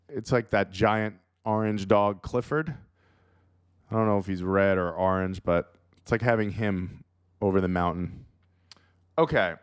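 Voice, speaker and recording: Upbeat comic host, smooth voice with a bouncy, lively pitch. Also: male voice, no room sound, studio quality. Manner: animated, acts out silly characters. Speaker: comedian host. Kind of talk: comedic commentary.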